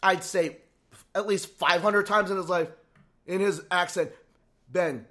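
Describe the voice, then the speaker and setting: A man co-hosting a casual sports podcast, excitable, stumbling over restarts and swearing freely. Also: high voice, a little slow. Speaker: podcast co-host.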